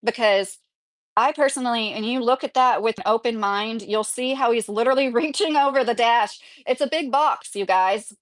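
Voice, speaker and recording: Speaking from her home in Kentucky, this vlogger in her thirties rambles through an opinionated livestream chat and reads out comments from viewers. Her voice is a little high and moves at a normal pace, captured in a dry, studio-quality recording.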